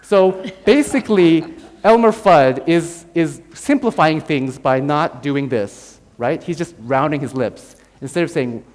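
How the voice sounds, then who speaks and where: A man's voice: on the high side, animated, a little slow, few pauses, darkish tone. An American man giving a university lecture. He explains step by step, demonstrates sounds aloud and keeps checking in with "right?". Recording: long hall reverb.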